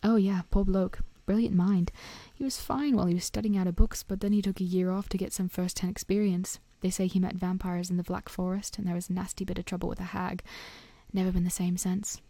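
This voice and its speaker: A woman voicing a huge, gruff but kindly gamekeeper in a folksy, rough way of talking, in a whispered role-play storybook reading. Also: on the low side, fairly even intonation, brisk, warm tone, no room sound. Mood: hearty. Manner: rough folksy speech, dropped words.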